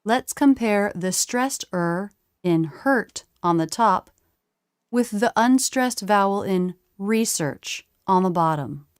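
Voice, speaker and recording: Slow, dry-voiced woman teacher. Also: mid-range voice, lively intonation, smooth, dry recording. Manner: slow, careful, demonstrates sounds by drawing them out. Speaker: pronunciation teacher. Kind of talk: instructional explanation.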